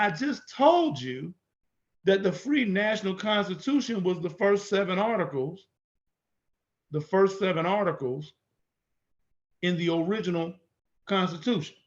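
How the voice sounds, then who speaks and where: A man's voice: high-pitched, lively intonation, unhurried, long pauses, fairly bright tone, highs cut off. A man teaching in an emphatic way, repeating his points and asking rhetorical questions. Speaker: instructor. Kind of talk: teaching lecture.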